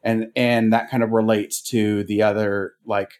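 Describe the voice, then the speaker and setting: A man's voice: lowish voice, level tone, measured pace, darkish tone. A man co-hosting a casual podcast chat, rambling with many fillers and laughing easily. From family ties to North Dakota. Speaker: podcast co-host.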